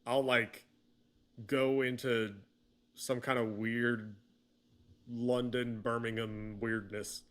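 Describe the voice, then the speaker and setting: A man, chatting on a panel in a halting, self-correcting, wry way. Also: mid-range voice, little pitch movement, fairly bright tone. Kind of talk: casual chat.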